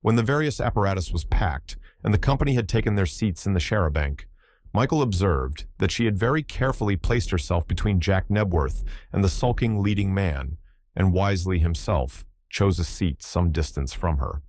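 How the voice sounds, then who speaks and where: A man narrating a classic crime novel as an audiobook in a steady, measured reading. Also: low voice.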